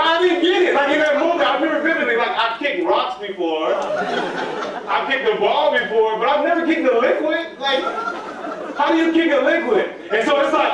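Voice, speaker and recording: A man giving a lively storytelling talk to a live student audience and calling out for their answers. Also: very high-pitched. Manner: animated, calls for audience answers. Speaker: motivational speaker at student workshop. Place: large hall at a live event. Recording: echoey hall from far off.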